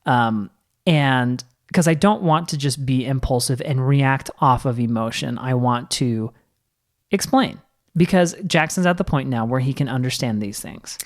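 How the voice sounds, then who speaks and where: A young man co-hosting a parenting podcast, explaining his views in an earnest, calm way. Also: mid-range voice, unhurried. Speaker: podcast co-host. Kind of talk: casual chat about parenting.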